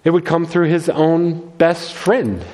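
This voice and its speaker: A man's voice: fairly high pitch, steady tone, slow, a little mellow. A man preaching a sermon as pastor, earnest and full of restarts. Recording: long hall reverb.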